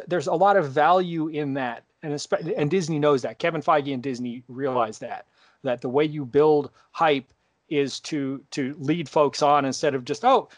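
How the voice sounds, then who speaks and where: Animated storytelling man, higher voice. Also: no room sound. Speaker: podcast co-host. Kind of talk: casual chat.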